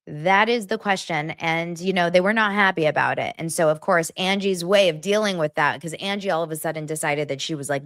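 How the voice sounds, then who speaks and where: A woman hosting a podcast, recapping reality TV in a casual, gossipy way and slipping into high mimicking voices. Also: brisk, fairly bright tone, dry recording, studio quality. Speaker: podcast host.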